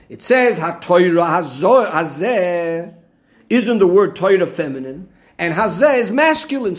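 Brief: male Torah teacher, high voice, methodical explainer. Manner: methodical, restates points with Hebrew terms. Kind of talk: explaining a Rashi commentary.

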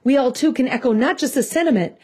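A woman's voice: sits high, fast talker, a little mellow, slightly rough. A woman from Minnesota with a Midwestern accent, telling a devotional story in an earnest, conversational way. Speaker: devotional host.

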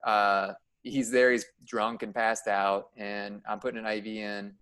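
A man who works as an emergency room nurse, chatting casually on a podcast and telling stories in an animated way, full of fillers, his voice climbing high and loud when he gets worked up. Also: measured pace, smooth.

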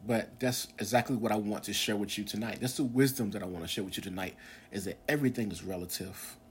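Man, forties, very low voice, earnest, rambling podcast host, faint background noise. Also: quick pace. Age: 40s. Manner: rambling, earnest, with many fillers and restarts. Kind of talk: casual religious podcast monologue.

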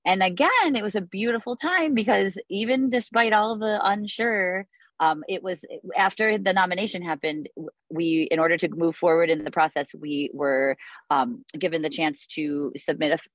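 A woman's voice: on the low side, no echo. A woman in her forties, a music teacher, talking in a podcast interview, chatty with many fillers and restarts.

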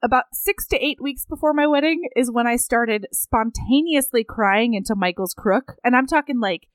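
A woman's voice: a little high, moderate pace, dry recording. A woman in her thirties co-hosting a podcast, chatting casually and laughing often. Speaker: podcast co-host. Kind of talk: casual chat.

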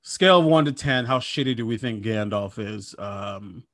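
A man's voice: on the low side, expressive, moderate pace, a bit bright, dry recording, studio quality. A man co-hosting a podcast in casual comedic chat, profane and rambling, acting out silly scenarios. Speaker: podcast co-host.

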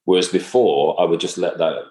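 A man in casual conversation, speaking in a halting, reflective way with many fillers and restarts. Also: low voice, steady tone, a little mellow. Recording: echoey room.

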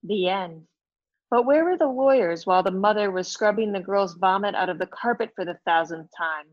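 A woman's voice: medium pitch, animated, normal speed, no room sound, lo-fi sound, natural voice. A woman reading her own novel aloud as a defiant, sarcastic woman in her fifties just out of prison, with a flip, cheeky manner. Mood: mocking.

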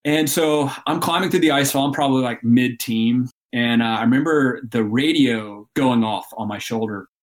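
A man from Alabama, a mountain guide telling climbing stories in an interview, animated and laughing often. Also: mid-range voice, moderate pace, few pauses. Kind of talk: storytelling interview.

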